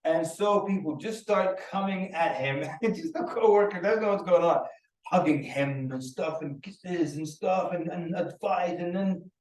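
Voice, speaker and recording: A man's voice: high-pitched, a little slow. A man giving a workshop talk, telling anecdotes and acting out the people in them. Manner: animated storyteller who acts out the people in his stories. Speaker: workshop speaker. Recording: roomy echo, mic at a distance.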